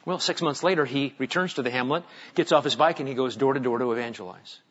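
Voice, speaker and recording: A male pastor preaching a sermon, telling stories dramatically and swinging from hushed, slow lines up to loud, emphatic ones. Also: medium pitch, breathy edge, lo-fi sound.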